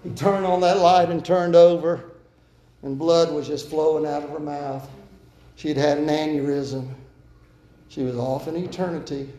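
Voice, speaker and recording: A man preaching a sermon as pastor, earnestly urging and then dropping to quiet pleading. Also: fairly high pitch, steady tone, measured pace. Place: church sanctuary. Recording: echoey church room.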